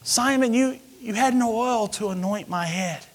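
A man preaching a sermon, telling a personal story with animated, sudden loud outbursts. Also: sits high, measured pace.

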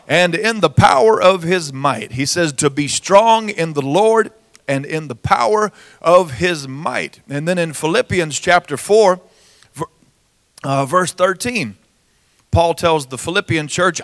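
A hoarse man preaching a sermon in church, drawing out his words, breaking into song and calling out to the congregation. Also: high voice, animated, no echo, clean studio sound. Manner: slow, drawn-out delivery with rising shouts and sung phrases. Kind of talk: sermon with prayer and singing. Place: church service.

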